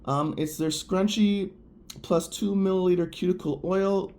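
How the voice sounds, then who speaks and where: A man's voice: high-pitched, steady tone, a little slow, darkish tone, a little hiss or hum. A man chatting casually and enthusiastically to viewers while reviewing products. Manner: gushing, chatty, addresses viewers directly. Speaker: nail polish reviewer.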